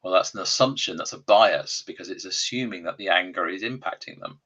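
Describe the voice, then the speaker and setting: A man, an executive coach and podcast guest, explaining things in a measured way with frequent ums. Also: sits low, bright, forceful tone, highs cut off. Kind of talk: casual conversational interview.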